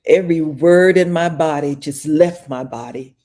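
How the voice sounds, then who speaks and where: An older woman appears as a podcast guest, telling a lively story during a casual interview and performing every character's voice, from whispers to shrieks. Her voice is deep and her pace moderate.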